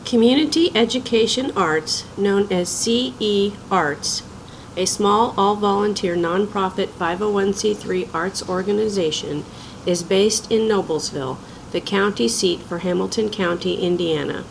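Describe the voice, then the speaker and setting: A woman reads a prepared statement for her nonprofit. She speaks at a middle pitch, earnest and measured. A faint noise sits under her voice. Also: vocal fry, low-quality recording. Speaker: nonprofit president.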